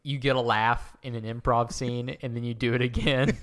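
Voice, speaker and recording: A man's voice: mid-range voice, fairly even intonation, a bit bright. A man co-hosting a podcast, reading reviews in a casual, joking way, with lots of fillers and laughs. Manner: laughs often, halting with many fillers. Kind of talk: casual comedic chat.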